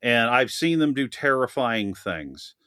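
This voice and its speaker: A man's voice: medium pitch, big pitch swings, measured pace, pushed and bright, dry recording, studio quality. A man chatting animatedly as a guest on a film podcast, laughing often and talking at length. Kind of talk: casual podcast chat.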